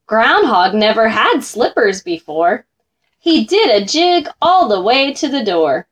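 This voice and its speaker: A woman reading a rhyming children's picture book aloud, slow and expressive. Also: a little high. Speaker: storyteller.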